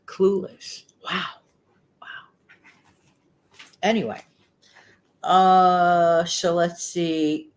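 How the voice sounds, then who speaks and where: Chatty older woman with a New York accent, slightly low voice, rambling and emphatic delivery. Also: flat delivery, extremely slow, long pauses, clean tone. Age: 60s. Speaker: frugal living vlogger. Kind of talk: casual chat to camera.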